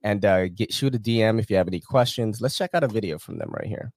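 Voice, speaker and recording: A man's voice: fairly low pitch, quick pace, darkish tone, no room sound, studio quality. A man co-hosting a live podcast, chatting casually with slangy, laid-back banter. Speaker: podcast co-host. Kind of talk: casual chat.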